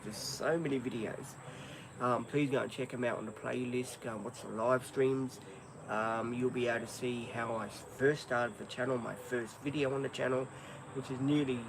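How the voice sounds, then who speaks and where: An Australian man with a creaky, medium-pitched voice hosts a casual live stream over a noisy background. His chat is easygoing and rambling, full of ums.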